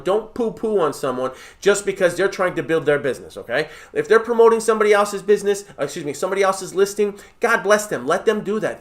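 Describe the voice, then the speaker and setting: Emphatic man coaching, slightly high voice. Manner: emphatic and direct, with frequent "right?" and "okay?" check-ins. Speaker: real estate mentor. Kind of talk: coaching talk to camera.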